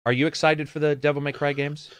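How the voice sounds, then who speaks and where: A man's voice: on the high side, flat delivery, fast talker, smooth, no room sound. A man co-hosting a casual gaming chat show, reading viewer comments aloud and answering in a rambling, sarcastic way with plenty of swearing.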